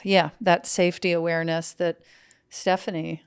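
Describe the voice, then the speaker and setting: A middle-aged woman from Mississippi, a guest telling stories in a dry, unhurried, deadpan way. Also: on the low side, clear, resonant tone. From Mississippi, USA. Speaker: podcast guest. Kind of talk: casual comedic chat.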